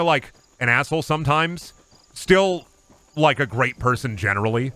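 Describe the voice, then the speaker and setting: A man's voice: mid-range voice, lively intonation, normal speed, pushed and bright, clear, resonant tone. Profane, rambling young streamer man. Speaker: game streamer. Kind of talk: casual livestream chat.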